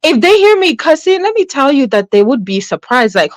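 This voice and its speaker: A fairly high-voiced woman talks to her livestream chat in an animated, chatty way, breaking off her venting to greet viewers. The sound is dry and close, with no room around it. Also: fairly quick, hardly any pauses, no room sound, poor audio. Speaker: livestream host.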